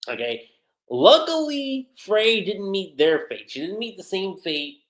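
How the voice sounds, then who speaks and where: A man giving casual livestream commentary as a manga reviewer, chatty and animated. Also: medium pitch, reverberant. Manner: animated, chatty, frequent laughter and fillers.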